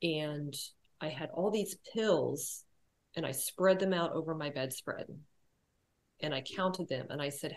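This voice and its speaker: A woman telling her personal story as a podcast guest, quiet and reflective, hesitating often with fillers and restarts. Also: deep voice, unhurried.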